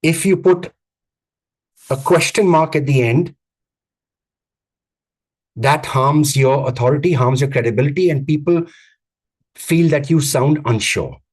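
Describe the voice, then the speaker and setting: A man giving a live online coaching talk on vocal presence, speaking emphatically with repeated phrases and deliberate pauses. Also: on the high side, a little mellow, breathy edge. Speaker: communications coach. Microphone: video call.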